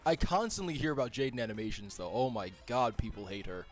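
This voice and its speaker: Over faint background music, a man at medium pitch talks quickly while streaming a racing game. His casual stream chat is lively, full of laughter and jokes with viewers.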